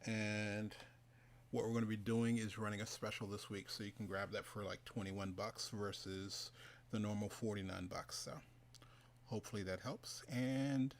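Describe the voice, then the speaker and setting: A man's voice: lowish voice, gravelly, a little mellow. Joking man hosting a livestream. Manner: loose, joking, chatty. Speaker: summit host. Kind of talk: casual livestream interview.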